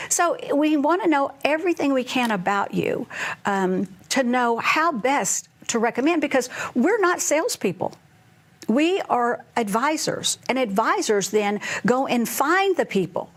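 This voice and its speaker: A woman's voice: on the high side, normal speed. A middle-aged woman, a financial advisor, chatting casually and acting out conversations with clients. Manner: animated storyteller, acts out client dialogue. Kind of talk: casual chat.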